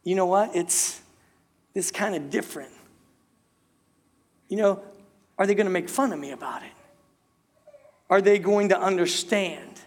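A male pastor delivers a sermon in a church, his voice sitting high for a man. He keeps turning to the congregation with rhetorical questions and restarts his phrases as he goes. A long hall reverb trails every line. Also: unhurried, long pauses. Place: church sanctuary.

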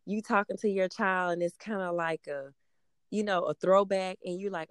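A woman's voice: medium pitch, steady tone, normal speed, clear, resonant tone, dry recording, clean studio sound. A woman in her thirties, a mother, talking casually and rambling with many fillers. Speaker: mother of a middle-school daughter. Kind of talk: casual conversation.

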